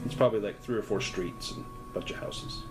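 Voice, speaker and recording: A man's voice: fairly low pitch, a little fast. A man narrating a solo tabletop game as game master, reading prose and chatting casually. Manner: expressive, reads prose then chats casually. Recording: faint ambient music behind.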